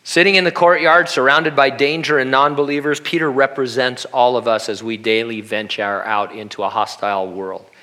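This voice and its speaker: A man's voice: medium pitch, steady tone, moderate pace, hardly any pauses, sharp tone. A man preaching a sermon in a conversational way, with humorous asides and acted-out quotes. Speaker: pastor.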